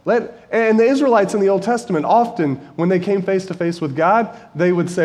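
A man's voice: high-pitched, brisk, few pauses, darkish tone. Earnest man preaching in a reverberant hall. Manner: earnest, storytelling, rising to emphatic peaks. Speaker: preacher and high school Bible teacher. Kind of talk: conversational sermon. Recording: long reverb of a large hall.

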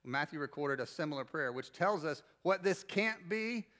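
A man, preaching a sermon in a conversational, joking way with bursts of loud emphasis. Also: fairly high pitch, animated, normal speed. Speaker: pastor.

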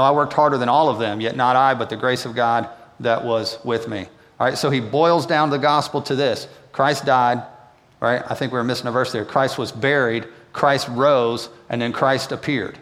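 A man's voice: a little high, fairly bright tone, in a large hall. A male pastor preaching a sermon in a conversational way, often checking in with the congregation. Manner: conversational, asks the room "right?" often. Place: church auditorium.

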